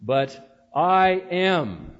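A preacher reading as a plainspoken, earnest believer. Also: male voice, high-pitched, very animated, extremely slow, full character voice. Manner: simple and plainspoken. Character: calm, earnest male Christian Highlander. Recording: dull, reverberant hall recording.

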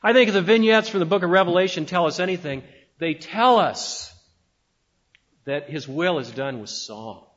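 A pastor preaching a sermon with emphatic delivery and dramatic pauses. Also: male voice, sits high, expressive, fairly bright tone, lo-fi sound.

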